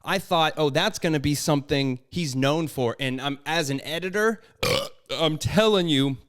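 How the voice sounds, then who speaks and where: Young male podcast co-host, higher-pitched, clear voice, rambling casual banter into a studio mic. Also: measured pace, fairly bright tone. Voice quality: high tones that he can bring low. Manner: self-deprecating, rambling with restarts. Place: apartment. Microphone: studio microphone with headphones.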